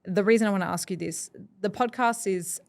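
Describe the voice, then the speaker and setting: A woman's voice: medium pitch, a little fast, vocal fry, darkish tone. A woman hosting a podcast, talking in a reflective, encouraging way with many fillers. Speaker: podcast host. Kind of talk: casual interview chat.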